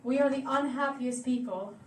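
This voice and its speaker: A young woman in her twenties from Argentina, with an Argentine Spanish accent, doing a stand-up comedy set with deadpan one-liners and laughing at her own jokes. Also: high voice, moderate pace, distant mic, a little hiss or hum. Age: 20s. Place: comedy club stage. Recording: roomy club sound from off-mic with loud laughing audience.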